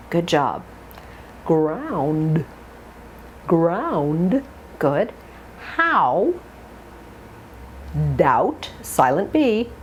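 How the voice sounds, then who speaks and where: A woman teaching a pronunciation lesson, modeling long drawn-out words and giving short coaching tips. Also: on the low side, a little hiss or hum. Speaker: accent coach.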